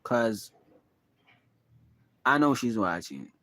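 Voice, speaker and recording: A man's voice: medium pitch, big pitch swings, extremely slow, pushed and bright, no echo. Rambling young man musing to camera. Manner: rambling, musing, full of "like" and "bro". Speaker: vlogger. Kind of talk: casual confessional monologue.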